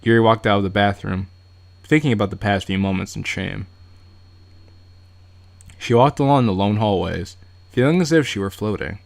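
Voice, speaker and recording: Casual male game streamer, low voice, reads narration aloud and breaks off for jokes. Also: moderate pace, vocal fry, pauses often. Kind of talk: casual live-stream read-through.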